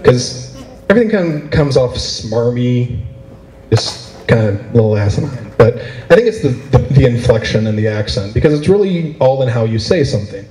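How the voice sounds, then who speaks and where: Animated male stand-up comic, roomy hall. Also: medium pitch, normal speed. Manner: animated, playful delivery with shifts of pace. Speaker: stand-up comedian. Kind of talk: stand-up comedy routine. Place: convention room before a live audience. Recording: roomy echo of a convention hall.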